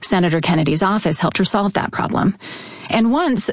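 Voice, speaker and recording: A woman's voice: medium pitch, animated, normal speed, no echo. Woman narrating, dry close mic. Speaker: narrator of the program. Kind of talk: scripted narration.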